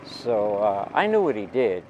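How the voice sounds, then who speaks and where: A man's voice: on the low side, very animated, unhurried, dark tone, dull audio, slight background noise. Rambling older man telling stories. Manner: rambling, digressive, with asides to the listener. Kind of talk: personal storytelling.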